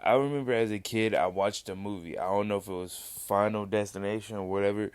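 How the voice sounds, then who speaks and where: A young man with a fairly low, smooth voice gives casual reaction commentary in a dry, close sound. He has the hiccups. His talk is loose and rambling, full of restarts. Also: fast, no room sound. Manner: rambling, loose, self-interrupting. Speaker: reaction vlogger.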